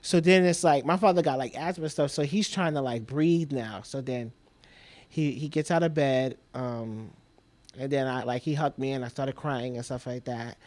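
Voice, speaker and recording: A man's voice: medium pitch, normal speed, a little mellow, no echo. A young man telling a personal story as a podcast guest, rambling and repeating himself, leaning on "like" all the time. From Trinidad.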